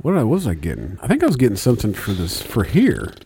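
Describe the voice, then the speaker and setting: A man's voice: fairly low pitch, wildly swooping pitch, quick pace, gravelly, mellow, slightly rough. A man co-hosting a podcast, telling stories in a laid-back, profane way and laughing as he goes. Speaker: podcast co-host. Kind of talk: casual storytelling chat.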